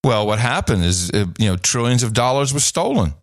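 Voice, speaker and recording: A man's voice: medium pitch, big pitch swings, dry recording. Dry-voiced male podcast co-host. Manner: quick reactions, laughing asides. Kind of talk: casual chat.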